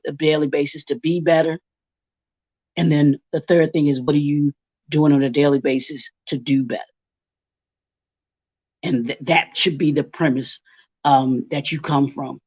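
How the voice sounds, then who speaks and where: A man's voice: on the high side, darkish tone, no room sound. A man from Baltimore giving a workshop presentation, asking rhetorical questions and restating each point. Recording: dull, dry lo-fi recording.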